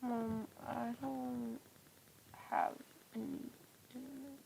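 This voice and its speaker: A woman riding along on a storm chase, chatting casually from inside a car, teasing dryly and often speaking quietly. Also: a little high, level tone, slow pace, gravelly, a little hiss or hum, low-quality recording. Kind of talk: casual chat while driving.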